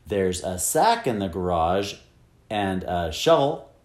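A man's voice: low voice, big pitch swings, roomy sound, pitched below the performer's own voice, heavily acted. A man doing a bossy, insistent mother. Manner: slow, emphatic, exasperated commands. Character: bossy determined mother, middle-aged woman.

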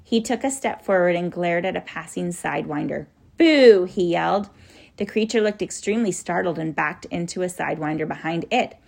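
A woman reading a children's story aloud in a lively way. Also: fairly low pitch, a little fast, vocal fry. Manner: lively, acts out the characters.

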